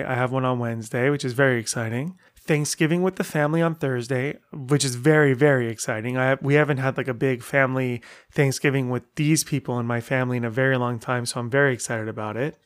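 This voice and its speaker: A man's voice: medium pitch, no echo, clean studio sound. A middle-aged man hosting a casual solo podcast, telling stories in a chatty way full of rambling asides. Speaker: podcast host.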